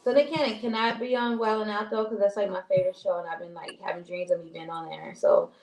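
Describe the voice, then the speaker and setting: A woman's voice: mid-range voice, fairly even intonation, fast talker, a loud crowd. A woman co-hosting a casual talk show, rambling and chatty with many restarts. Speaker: co-host. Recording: roomy echo.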